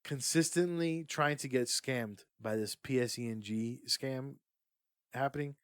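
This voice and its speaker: A young man co-hosting a podcast, telling stories in an excitable, swearing, casual way. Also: mid-range voice, measured pace, clear, resonant tone, dry recording, clean studio sound. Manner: excitable, swears a lot, laughs through punchlines. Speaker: podcast co-host. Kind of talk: casual chat, animated storytelling.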